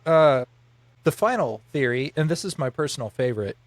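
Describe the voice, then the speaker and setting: A man's voice: mid-range voice, lively intonation, fairly quick, no echo. A man co-hosting a podcast in casual chat, rambling through explanations with lots of filler words. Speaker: podcast co-host.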